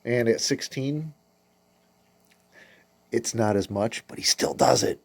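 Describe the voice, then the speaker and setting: A middle-aged man giving relaxed, reminiscing commentary while reacting to a comedy clip. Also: mid-range voice, takes it slowly, creaky. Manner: relaxed, reminiscing, chuckling asides. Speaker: reaction video host.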